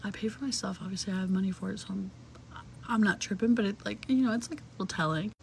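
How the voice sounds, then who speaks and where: Gravelly young woman telling a story. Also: mid-range voice, fast talker, a little mellow, a little hiss or hum, low-quality recording. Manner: chatty, many "like" fillers, profane, slips into whispery asides. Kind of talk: casual storytime.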